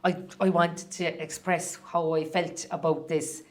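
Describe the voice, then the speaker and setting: A middle-aged woman with a Cork accent, chatting as a podcast guest and telling stories in quick, rambling bursts. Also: on the low side, flat delivery. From Ireland. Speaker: guest singer-songwriter. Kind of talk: casual podcast interview.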